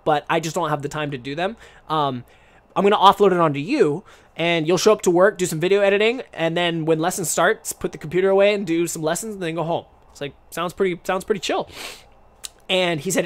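A young man hosting a casual live-stream podcast, rambling and chatty with frequent restarts. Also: fairly high pitch. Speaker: podcast host.

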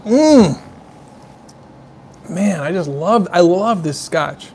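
High-voiced man, effusive live-stream chat. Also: expressive, extremely slow, darkish tone, slight background noise. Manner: effusive, exclaims over tastes and smells; rambling, chatty asides to viewers. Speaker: livestream host.

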